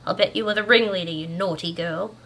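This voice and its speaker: A woman voicing a tall, stern but fond male caretaker, speaking slowly in a deep voice with an accent. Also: fairly bright tone. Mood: scolding.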